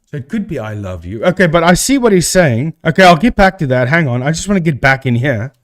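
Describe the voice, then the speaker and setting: Chatty animated man streaming live. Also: a little high, quick pace. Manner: chatty, talks to chat and thinks aloud. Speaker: live-stream host debunking ghost videos. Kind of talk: casual live-stream commentary.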